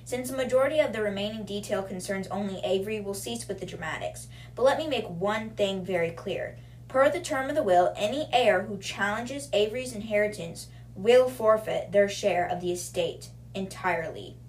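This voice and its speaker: A woman reading aloud the measured lines of a formal older male lawyer, in her own voice. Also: mid-range voice, recorded from a distance, slight background noise, natural voice, poor audio.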